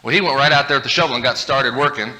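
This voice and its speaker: A man giving a humorous storytelling talk, animated and self-mocking. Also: mid-range voice, racing. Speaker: speaker.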